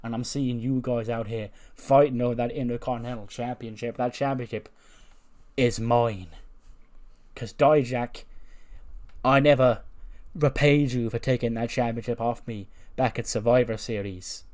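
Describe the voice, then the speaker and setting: A man voicing a burly male wrestler who loves a fight, gruff and boastful. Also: mid-range voice, steady tone, moderate pace, darkish tone, lightly acted.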